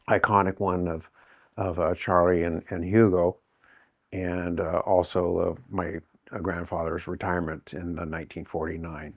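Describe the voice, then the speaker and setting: A man's voice: sits low, no echo, studio quality. A middle-aged man from Southern California being interviewed, telling a rambling family story and acting out the quoted dialogue. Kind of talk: casual storytelling.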